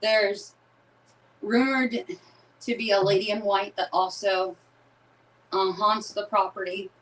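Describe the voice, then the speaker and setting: A woman on a live paranormal investigation, talking to her viewers in a hushed, uneasy way while cold and shivering. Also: medium pitch, little pitch movement, slow pace, far from the mic, poor audio.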